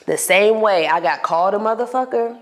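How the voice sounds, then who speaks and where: Animated woman telling a personal story. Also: medium pitch, fairly quick. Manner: animated, acts out voices in retold dialogue. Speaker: vlogger. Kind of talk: storytelling monologue.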